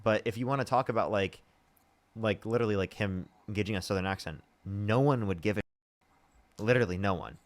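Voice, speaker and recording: A man's voice: on the low side, brisk. A young man hosting a live debate stream, arguing and pressing his guest with repeated questions. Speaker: debate show host.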